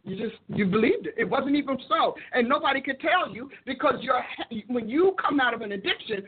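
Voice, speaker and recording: Woman preacher telling her testimony, husky voice, acts out the back and forth, sounds like it's coming over a phone. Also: sits high, expressive, fairly quick, hardly any pauses. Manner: storytelling, acts out quoted dialogue, repeats phrases for emphasis. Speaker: preacher and show host. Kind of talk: testimony-driven teaching talk. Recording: tinny phone-like audio.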